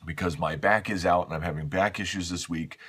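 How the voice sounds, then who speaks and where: A man hosting a daily morning show, talking quietly and casually to the camera at home, his voice rough and tired. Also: sits low, steady tone, fairly quick. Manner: speaking softly and a bit hushed. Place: at home, seated in a chair.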